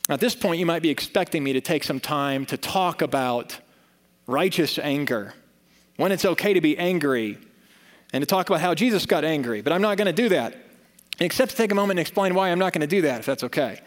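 A man's voice: a little high, expressive, fairly quick. Earnest preaching man in a reverberant church. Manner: earnest, conversational preaching with rising emphasis. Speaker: pastor. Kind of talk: sermon. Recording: long reverb of a church hall.

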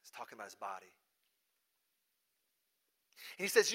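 A man preaching a sermon in a church, talking conversationally and swinging between loud emphatic lines and quiet asides. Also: lowish voice, sing-song, normal speed, long pauses, breathy edge. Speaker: pastor.

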